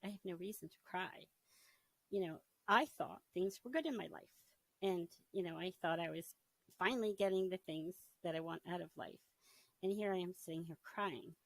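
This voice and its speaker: A middle-aged woman giving a personal testimony in an interview, telling her story in a casual, animated way and often laughing as she acts out her past thoughts. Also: fairly low pitch, moderate pace, no room sound, low-quality recording. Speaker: interview guest.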